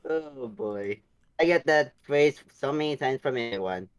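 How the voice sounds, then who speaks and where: Young male co-host, smooth and lively voice, apologetic, hesitant. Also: medium pitch. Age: young adult. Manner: sheepish, apologetic, halting. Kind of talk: casual chat.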